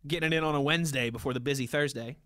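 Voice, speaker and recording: Man, podcast host, reads listener messages, easygoing sports chat, slightly high pitch, dry sound. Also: very fast, a bit bright, clean tone, dry recording. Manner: easygoing, reads messages aloud, laughs often.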